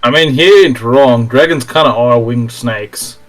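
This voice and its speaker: A man's voice: medium pitch, a little slow, soft background music. A man co-hosting a game playthrough, chatting casually. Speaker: co-host. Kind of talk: casual chat while playing a game.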